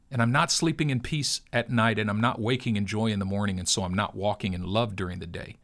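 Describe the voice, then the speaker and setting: A man's voice: lowish voice, a bit bright. Earnest man telling a heartfelt story. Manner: earnest, preacher-like storytelling with long pauses. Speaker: crypto video host. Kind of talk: heartfelt personal talk.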